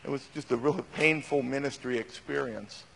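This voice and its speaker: Man, audience questioner, hesitant, halting, mid-pitched, long hall reverb. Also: gravelly, a bit bright. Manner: hesitant, searching for words. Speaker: audience member asking a question.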